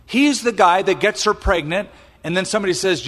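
Animated preacher in a ringing hall. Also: male voice, high voice, a little fast. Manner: animated, acts out quotes, exclaims. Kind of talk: sermon, retelling scripture. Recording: long reverb in a large hall.

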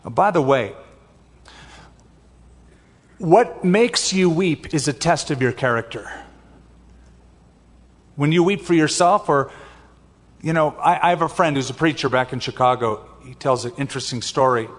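Older male pastor, conversational sermon, slightly high voice, reverberant hall. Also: unhurried, long pauses. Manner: conversational preaching, personal asides.

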